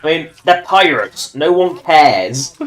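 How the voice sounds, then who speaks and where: A man's voice: fairly high pitch, lively intonation, slow pace. A man giving casual, self-mocking commentary while livestreaming a video game, rambling through joking asides. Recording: voice over game audio and music.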